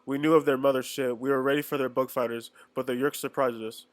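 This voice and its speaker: A man's voice: medium pitch, fairly even intonation, fast talker, no room sound. A man reading a novel aloud in an amateur read-along, plain delivery with small stumbles and restarts. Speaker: reader.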